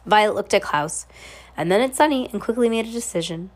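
A woman's voice: mid-range voice, animated, a little fast. A woman with a scratchy throat from a cold, reading a novel aloud with casual asides. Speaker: reader.

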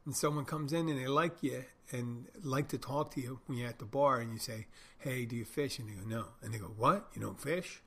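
A middle-aged man spins loose, wandering stories in a husky voice, stopping to correct himself often. His pitch sits in an ordinary middle range, and his tone stays wry and casual throughout. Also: fairly even intonation, a little fast, hardly any pauses, a bit bright. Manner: rambling, self-correcting, wry. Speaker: podcast host, bartender. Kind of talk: casual monologue storytelling.

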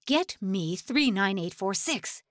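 A woman's voice: medium pitch, lively intonation, slow, dry recording. A cruel male prison camp officer in a grim audiobook, put on by a woman narrator. He snarls and mocks his captives with open contempt. The read is close and dry, with no room sound. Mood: bellowing.

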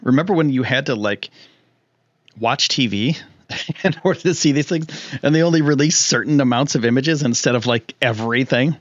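Man, live-stream host, casual chat, excitable, rambling, muffled dry audio. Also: mid-range voice, normal speed, dry recording. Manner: excitable, rambling, lots of fillers. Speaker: livestream host.

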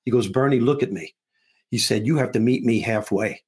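A man with a slightly rough, husky voice, talking as a guest in an interview. He tells a story with comic timing and jumps in and out of the voices of the people in it, laughing along the way. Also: mid-range voice, a little fast, darkish tone. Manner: acts out dialogue between characters, laughing often. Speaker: guest author and comedian.

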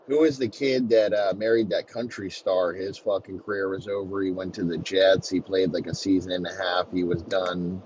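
A low-voiced man rambles through a profane comedic rant on his podcast. His delivery is loose and rambling. The recording is slightly dull, with faint hiss beneath it. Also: flat delivery, unhurried, a little mellow. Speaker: podcast host. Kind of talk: crude comedic sports rant.

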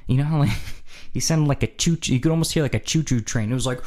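A man's voice: a little high, fast talker. A man telling a funny story in a casual podcast chat, acting out scenes and repeating lines for effect, close to a studio mic. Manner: animated, acts out scenes, repeats phrases for effect. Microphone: studio microphone.

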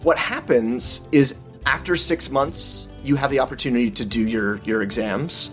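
A man narrating as game master, relaxed and descriptive with casual fillers. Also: medium pitch, normal speed, soft background music.

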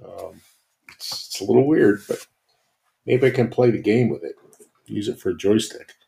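A man's voice: fairly low pitch, moderate pace, gravelly. A man co-hosting a podcast, chatting casually and rambling about a new hobby with lots of fillers. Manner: rambling, relaxed, many fillers. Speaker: podcast co-host. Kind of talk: casual chat.

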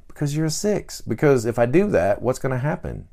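A man's voice: mid-range voice, creaky. A man hosting a podcast, explaining personality types in a casual teaching monologue and acting out the people he describes in short bursts. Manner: animated, acts out quick voices of people he describes. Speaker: podcast host.

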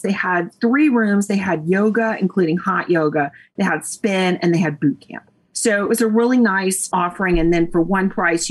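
Chatty woman with a husky voice. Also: fairly low pitch. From Nashville, Tennessee. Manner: animated storyteller, laughs often. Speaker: interview guest. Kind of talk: casual chat.

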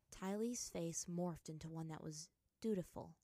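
Low-voiced woman narrating a story. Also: measured pace, hardly any pauses, dark tone, no room sound, clean studio sound. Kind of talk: reading fan fiction aloud.

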